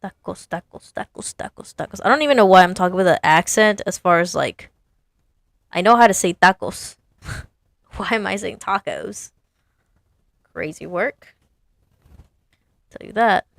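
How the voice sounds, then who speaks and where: A woman's voice: medium pitch, animated, moderate pace, gravelly, long pauses, no room sound, clean studio sound. A woman sign designer casually talking through her work, chatty and self-amused, thinking aloud as she designs. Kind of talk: casual design commentary while working.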